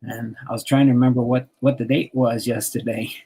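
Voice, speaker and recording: Older host, gravelly and husky, easygoing chat, laughs a lot. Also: male voice, medium pitch, level tone, brisk, warm tone. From New Jersey. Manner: chatty, laughs often, reads out card names. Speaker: host sorting baseball cards on a stream. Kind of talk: casual chat.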